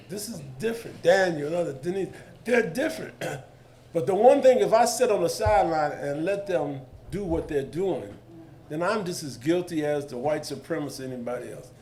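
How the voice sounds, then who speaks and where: A man, speaking on a discussion panel in an animated, colloquial storytelling way that jumps into the voices of the people in his stories. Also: fairly high pitch, moderate pace, a little hiss or hum. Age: 70s.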